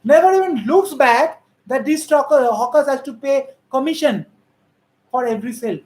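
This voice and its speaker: High-voiced woman. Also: moderate pace, darkish tone. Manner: critical, emphatic, mimics politicians' speaking styles. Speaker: political commentator. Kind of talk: opinionated political commentary. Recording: roomy echo.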